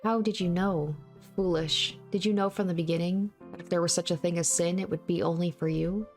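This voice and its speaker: A woman reading aloud from a visual novel and voicing a calm young woman fighter who speaks quietly and with resignation. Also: fairly low pitch, fairly quick, faint music behind, natural voice. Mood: scornful.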